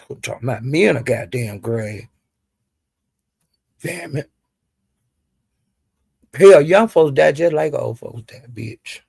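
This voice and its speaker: A woman's voice: very deep voice, animated, creaky, mellow, husky, dry recording, studio quality. A woman hosting a live stream, ranting and cursing heatedly at someone while chatting with viewers. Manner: cursing, heated, drawn-out insults. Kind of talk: angry profane rant to viewers.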